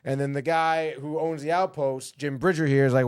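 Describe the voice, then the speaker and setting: On a podcast, a male host with a fairly high, clean voice and normal speed retells a TV episode in casual, animated fashion. The recording is dry and studio quality, and he throws in the characters' quips and swears a lot.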